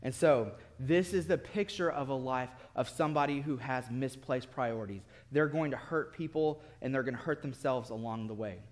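A man preaching a sermon as pastor, telling a story with bursts of laughter and then dropping to quiet intensity. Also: mid-range voice, moderate pace, few pauses. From city-raised. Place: church sanctuary. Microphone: lectern mic at a podium.

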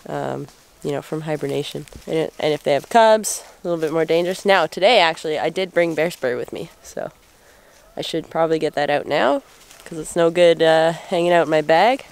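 A woman's voice: low-pitched, fairly quick, clean tone. A woman with a groggy morning voice, chatting casually and rambling with fillers while vlogging outdoors in the woods. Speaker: bushcraft vlogger.

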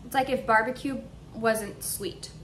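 Chatty young woman with a bright, high voice. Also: unhurried, a little hiss or hum. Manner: chatty, excited, thinks aloud while tasting. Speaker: vlogger. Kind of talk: casual haul and taste-test vlog. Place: indoors at home, air conditioner running.

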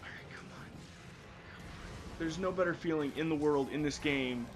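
A man's voice: fairly high pitch, moderate pace, over music. A young man from the American South hosting a casual co-op gameplay chat, laughing often and swearing freely. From Southern United States. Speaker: gaming channel host.

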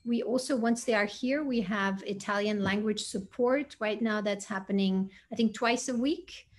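A woman's voice: mid-range voice, moderate pace. Polite woman moderating a school panel. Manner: polite, reads out questions.

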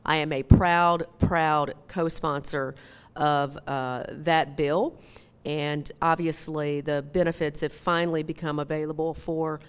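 A woman with a Minnesotan twang speaks at a podium, her lowish voice smooth and clear. Her talk is folksy and earnest, full of small pauses and fillers, and it rings out with a long reverb through a big hall. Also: flat delivery. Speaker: member of Congress. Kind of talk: town hall speech. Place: large hall. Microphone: podium mic.

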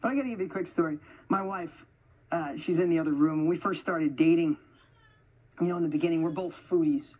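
A woman giving an energetic, emphatic motivational speech to an audience in an event hall, repeating phrases for effect. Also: lowish voice, fast talker, slightly rough, dull audio. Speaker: motivational speaker.

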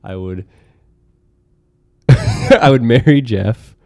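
A man's voice: medium pitch, very animated, drawn-out words, vocal fry, mellow, dry recording, clean studio sound. A young man in a casual podcast chat, laid-back and a bit hesitant, laughing between words. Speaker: podcast guest.

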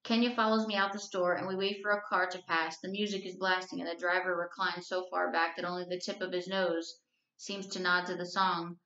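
Teacher lady reading a book out loud, steady storytelling, echoey and a bit muffled. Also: lowish voice, fairly quick. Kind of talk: reading a novel aloud. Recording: roomy, slightly dull recording.

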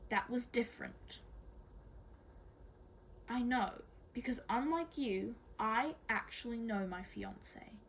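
A woman's voice: a little high, lively intonation, takes it slowly, pauses often, a bit bright, slight background noise, exaggerated voice, poor audio. A woman doing a headstrong, flirty little sister. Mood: defensive. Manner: breezy, insistent.

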